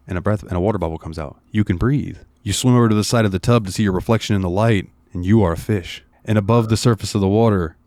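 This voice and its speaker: A man's voice: deep voice, darkish tone, no echo. A man co-hosting a casual podcast, rambling through a game's story with lots of fillers. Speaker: podcast co-host.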